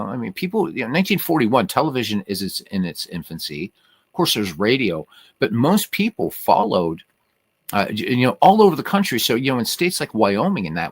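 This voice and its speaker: A man's voice: lowish voice, a bit bright, dry recording. A middle-aged man hosting a livestream in a casual, rambling way, with many restarts and "you know" fillers. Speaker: livestream host. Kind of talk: casual chat.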